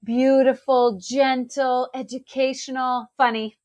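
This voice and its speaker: A woman guest on a podcast, chatting in a soft, agreeable, thoughtful way. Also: sits high, little pitch movement, measured pace, dry recording, clean studio sound. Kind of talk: casual chat.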